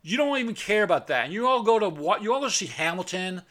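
A man's voice: sits high, big pitch swings, fast talker, a bit bright. A middle-aged man hosting a podcast, ranting bluntly and stumbling over repeated words as he acts out arguments. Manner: acts out both sides of arguments in a raised voice. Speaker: podcast host. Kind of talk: unscripted rant.

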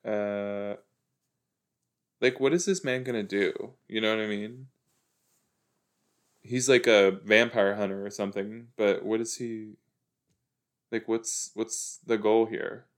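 A man's voice: fairly low pitch, fairly even intonation, slow, long pauses. A young man casually chatting and mocking a TV show, recording while lying down. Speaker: podcast host reacting to a TV episode. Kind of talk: casual chat. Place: lying down at home.

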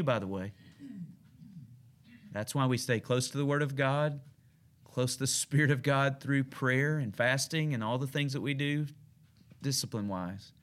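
A man's voice: medium pitch, fairly bright tone. A man preaching to a small church group, folksy and emphatic, building up and then easing off. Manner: folksy, emphatic preaching with rising and falling intensity. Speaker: pastor. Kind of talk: midweek Bible study sermon.

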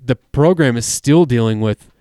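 A man's voice: mid-range voice, normal speed, warm tone, clean tone, no room sound, clean studio sound. A man co-hosting a sports talk show, breaking down games in an analytical, rambling way. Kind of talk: casual sports chat.

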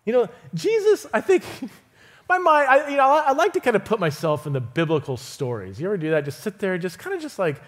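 A man preaching as a guest speaker in a church, speaking through a stage mic. His voice sits high for a man, and he tells stories with lively energy. He acts out the quoted voices and chuckles often. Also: a little fast. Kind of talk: sermon. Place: church auditorium.

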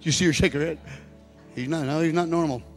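Brief: man in his sixties, pastor, fairly high voice, preaching with long church reverb and soft music behind. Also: fast. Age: 60s. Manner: preaching, rising to loud exhorting. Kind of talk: sermon. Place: church sanctuary.

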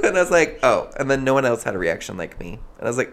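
A man's voice: a little high, fast talker, hardly any pauses, a little hiss or hum. A young man co-hosting a podcast, chatting casually and telling stories animatedly, full of "like" and acted-out quotes. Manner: animated storytelling, heavy use of "like", acts out quotes. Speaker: podcast co-host. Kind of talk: casual chat.

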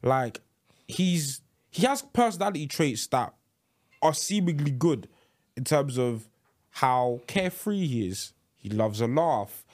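A man hosting a casual podcast, his voice sitting at an everyday middle pitch. He talks with animation, stacking up "like" fillers and restarting his sentences as his thoughts run ahead of him. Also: very animated, measured pace. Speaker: podcast host. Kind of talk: casual chat.

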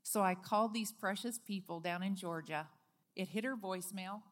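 A woman being interviewed, telling a personal faith story in a lively, earnest way. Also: medium pitch, moderate pace. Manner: lively storyteller, acts out quoted speech; earnest, heartfelt. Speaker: guest.

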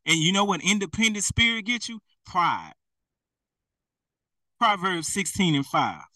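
Emphatic, lively, bright-voiced male preacher. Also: high-pitched, measured pace, no echo, far from the mic, rough recording. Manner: emphatic, repetitive, addresses listeners directly. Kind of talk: sermon.

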